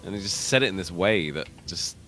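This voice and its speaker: A man with a very low, lively voice chats over a co-op game stream. He answers in short, deadpan lines and laughs easily. Faint music plays behind him. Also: a little fast. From New Zealand. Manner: dry, deadpan, laughs a lot when joking. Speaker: co-op gaming streamer. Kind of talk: casual banter over gameplay.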